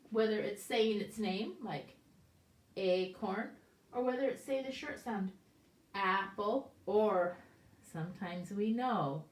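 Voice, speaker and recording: An older woman gives a slow, unhurried preschool phonics lesson, carefully stretching out each sound and checking in with gentle questions. Her voice sits in a middle range and comes from some distance away from the camera. The recording has a roomy echo around it. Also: fairly high pitch. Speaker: preschool teacher. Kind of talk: slow, clear phonics lesson for small children. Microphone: camera set up at a distance.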